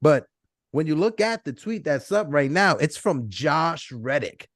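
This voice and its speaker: A man co-hosting a casual sports fan show, energetic and hyped as he reads viewer messages aloud. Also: fairly high pitch, measured pace, no room sound, studio quality. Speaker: co-host. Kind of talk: casual sports podcast chat.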